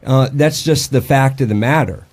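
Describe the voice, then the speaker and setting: A man's voice: mid-range voice, moderate pace, a little mellow. A man hosting a casual podcast conversation, blunt and profane, with many fillers and restarts. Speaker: podcast host and dog trainer.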